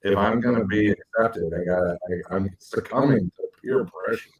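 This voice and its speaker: A man co-hosting a podcast, telling animated stories and acting out quotes with big jumps in his voice. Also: lowish voice, moderate pace, breathy edge, muffled recording. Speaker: podcast co-host. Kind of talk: casual storytelling chat.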